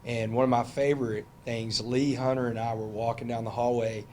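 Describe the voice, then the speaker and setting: A middle-aged football coach with a drawl fields press questions. He rambles in a relaxed, talky way, full of fillers and restarts, at a mid pitch. A faint hum sits under his voice. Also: fairly quick. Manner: loose, conversational, many fillers and restarts. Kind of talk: press conference answers.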